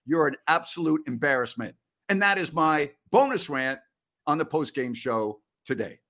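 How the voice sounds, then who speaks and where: A man's voice: fairly high pitch, sing-song, normal speed, a bit bright. Fired-up middle-aged man ranting. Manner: fiery, mocking rant with put-on voices. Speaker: basketball post-game show host. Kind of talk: live-stream sports talk with rants.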